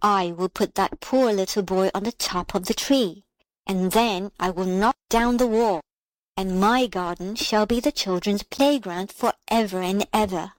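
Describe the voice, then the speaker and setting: A woman reading a storybook aloud and voicing a huge, remorseful old male giant in a soft, slightly lower voice. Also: measured pace, no echo, close to an everyday voice, poor audio.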